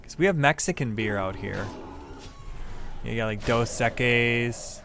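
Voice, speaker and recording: A man with a Midwestern American accent talks loosely to his stream viewers while he plays, wandering from thought to thought and cursing casually. His voice sits at an ordinary middle pitch, with a faint bit of room noise behind him. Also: measured pace, creaky. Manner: rambling, profane, chatting to viewers. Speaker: game streamer. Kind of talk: casual live-stream chat.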